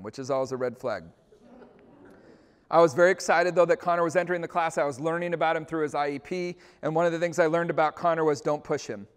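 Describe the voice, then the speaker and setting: A man's voice: on the high side, steady tone, fast talker, smooth. A middle-aged man leading a teacher training. He tells a personal story with animation and acts out the scenes. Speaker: staff trainer. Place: school hall or gym. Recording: long reverb of a large hall.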